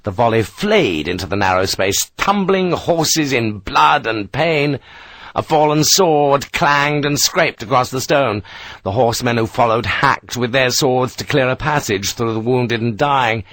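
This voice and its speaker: A man's voice: mid-range voice, lively intonation, unhurried, a bit bright. A man narrating a war novel as an audiobook, telling the battle with tense, vivid delivery.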